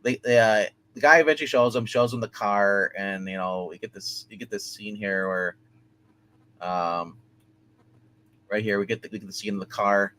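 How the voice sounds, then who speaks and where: A man co-hosting a TV recap show, telling the plot in a rambling, halting way with many fillers and restarts. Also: lowish voice, a bit bright. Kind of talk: casual TV episode recap.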